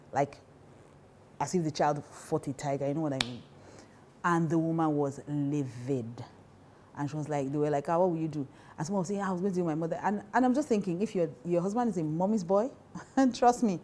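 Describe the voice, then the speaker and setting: A Nigerian woman pastor talks frankly to women, driving her points home by repeating them and often breaking into laughter. Her voice sits low and mellow, warm rather than bright. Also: slight background noise. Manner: emphatic and animated, repeats key phrases, laughs often. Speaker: pastor and counselor. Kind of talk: advice talk to women.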